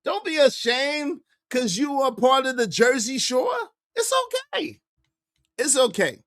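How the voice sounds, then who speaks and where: A man hosting a livestream podcast, ranting in a repetitive, animated way and calling out his critics. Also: very high voice, measured pace, no room sound, clean studio sound. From New York. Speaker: podcast host.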